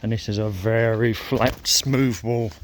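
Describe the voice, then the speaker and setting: Slow, low-voiced man musing outdoors. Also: fairly even intonation, a little hiss or hum. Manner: slow, musing, thinking aloud. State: sore. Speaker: vlogger. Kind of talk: casual walking commentary. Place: outdoors by a lake, walking.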